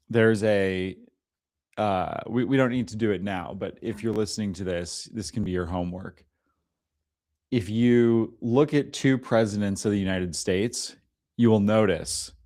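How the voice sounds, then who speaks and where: A man's voice: fairly low pitch, a little mellow. A man co-hosting a podcast, rambling through explanations full of "like" fillers. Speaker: podcast co-host. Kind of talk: casual chat.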